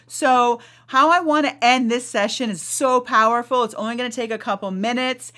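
A woman's voice: a little high, moderate pace, few pauses, sharp tone. A woman, a weight-loss coach and podcast host, giving emphatic coaching talk and leading a guided meditation, often asking "right?".

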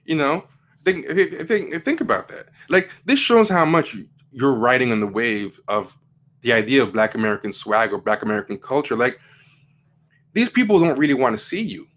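A man's voice: medium pitch, lively intonation, normal speed, fairly bright tone. Rambling man hosting a livestream. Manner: rambling, repeats words, many fillers, rising emphatic questions. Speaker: livestream host. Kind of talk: casual opinion commentary.

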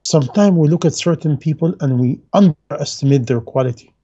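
A man's voice: fairly high pitch, a little fast, dark tone, husky, dull audio. A man giving a religious lecture in non-native English, earnest and emphatic, repeating his key phrases. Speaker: Islamic lecturer.

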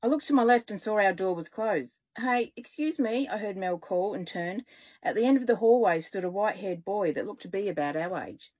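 A woman children's author reading aloud from her own stories, with lively, expressive storytelling. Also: medium pitch, fairly quick, husky.

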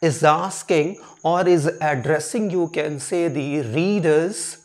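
Slow-paced male literature teacher, repetitive. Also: fairly high pitch, darkish tone. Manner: repetitive, restarts phrases and spells out terms letter by letter. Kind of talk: lecture explaining a poem.

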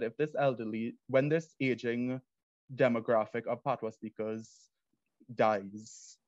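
A man's voice: mid-range voice, darkish tone, no echo, lo-fi sound. A young man from Trinidad and Tobago with a Trinidadian accent, giving an earnest, explanatory student presentation. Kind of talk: academic presentation.

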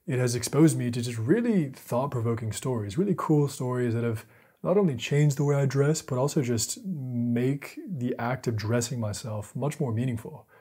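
A man's voice: medium pitch, warm tone, husky. A man narrating a video essay, shifting between playful self-mockery and dramatic storytelling.

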